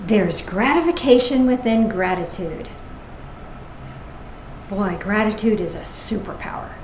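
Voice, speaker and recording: A woman minister giving a casual, playful sermon with animated asides. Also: medium pitch, measured pace. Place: church service. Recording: echoey room with faint noise.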